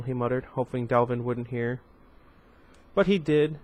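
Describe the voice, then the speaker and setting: At a measured pace and middling pitch, a man with a slight lisp reads a novel aloud at home. It's a casual session, and he slips chatty little asides in between passages.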